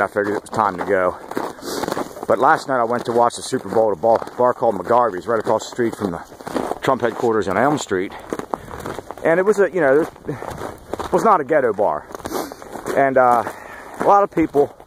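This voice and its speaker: A man in his late forties talks into the camera while out on a morning hike. His voice sits at a middle pitch, and his delivery is blunt and sarcastic. Passing traffic and outdoor noise are clearly audible behind him. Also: moderate pace, pauses often. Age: late 40s. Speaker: campaign volunteer vlogger. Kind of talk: casual spoken vlog update.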